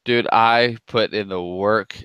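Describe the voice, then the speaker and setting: A man co-hosting a casual sports chat, chatty and quick to laugh at himself. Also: lowish voice, steady tone, fairly bright tone, smooth, no room sound. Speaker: podcast co-host.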